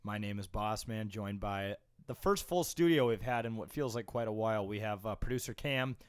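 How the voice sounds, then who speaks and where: A man hosting a casual sports podcast. His voice is smooth and clear, the sound dry and close to the mic. He jokes around and tells stories at an easy clip. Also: lowish voice, moderate pace, no echo. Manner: joking storyteller. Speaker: podcast host.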